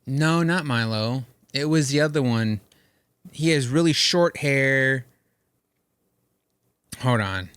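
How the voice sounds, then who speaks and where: A young man co-hosting a podcast, chatting casually and telling animated stories full of slang. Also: medium pitch, slow pace, pauses often, clear, resonant tone, no room sound. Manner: animated storytelling, slangy, quotes others in put-on voices. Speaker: podcast co-host. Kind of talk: casual chat.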